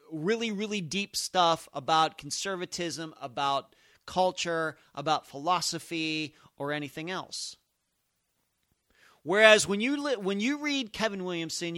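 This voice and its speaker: A man's voice: on the high side, bright, forceful tone, dry recording, clean studio sound. A man hosting a solo podcast, thinking aloud in emphatic, musing commentary. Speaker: podcast host.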